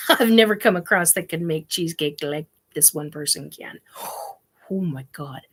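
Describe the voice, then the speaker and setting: Slow, rambling woman livestream host. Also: low voice, a bit bright, husky. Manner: slow, rambling, with many ums and laughs. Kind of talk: casual live chat reading comments.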